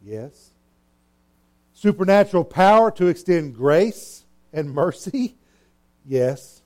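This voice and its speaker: Earnest preaching man, mellow voice. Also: sits high, expressive, slow. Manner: earnest, emphatic preaching with repetitions. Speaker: pastor. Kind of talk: sermon.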